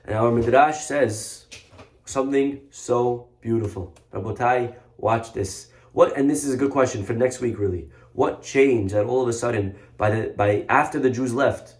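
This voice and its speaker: A rabbi giving a lively sermon, telling a story with mocking humor and dramatic emphasis. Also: male voice, mid-range voice, moderate pace. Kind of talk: animated sermon.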